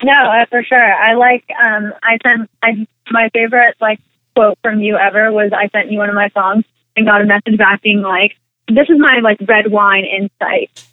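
A woman's voice: mid-range voice, normal speed, no room sound. Young woman guest rambling thru a story, likes and ums everywhere, thin phone-line sound. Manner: rambling, full of "like" and "um", animated retelling. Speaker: interview guest, actress and singer. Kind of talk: casual interview chat.

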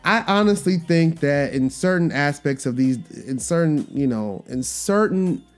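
A man's voice: a little high, animated, a little slow, faint music behind. A man hosting a podcast, talking in a rambling, conversational way and acting out the voices he quotes. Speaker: podcast host. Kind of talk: casual podcast monologue.

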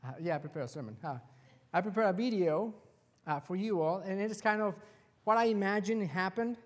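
A man preaching a sermon as pastor, telling the story with animated delivery and acting out the quoted lines. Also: high-pitched, a little fast, big-room sound. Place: church sanctuary.

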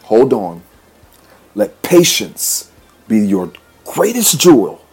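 A man's voice: lowish voice, big pitch swings, slow pace, darkish tone, slightly rough. A man preaching a motivational sermon, repeating phrases in a rhythmic, emphatic way and leading affirmations. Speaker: podcast host and preacher.

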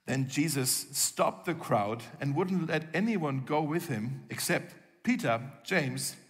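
A man delivers a sermon as an easygoing storyteller and slips into the voices of the people in the story. His voice sits a little high for a man. The sound rings with the long reverb of a large hall. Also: expressive, slow, a bit bright. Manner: conversational storytelling, acts out quoted lines. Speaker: pastor.

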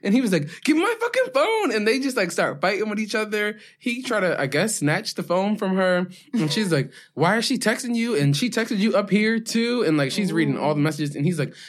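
A woman co-hosting a podcast, chatting casually and telling gossip with lively acted-out voices. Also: medium pitch, fairly quick, hardly any pauses. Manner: animated storyteller, acts out overheard voices. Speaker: podcast co-host. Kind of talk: casual chat.

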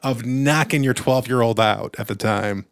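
A young man telling a story on his podcast, loose and animated. He jumps into a higher voice whenever he quotes someone. The sound is dry and close. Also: moderate pace, clear, resonant tone, no room sound. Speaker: podcast co-host. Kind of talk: casual storytelling chat.

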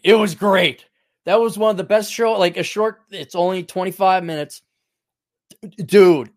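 A man's voice: sits high, dry recording, studio quality. A man hosting a talk show, in a rambling, casual commentary that is profane and full of restarts. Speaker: show host.

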